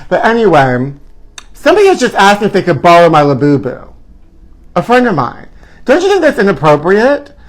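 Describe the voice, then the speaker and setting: A man hosting his own live stream, chatting in a campy, gossipy, theatrical way and calling his viewers honey. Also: a little high. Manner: calls viewers honey and trashies. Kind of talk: casual live-stream chat. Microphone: own camera.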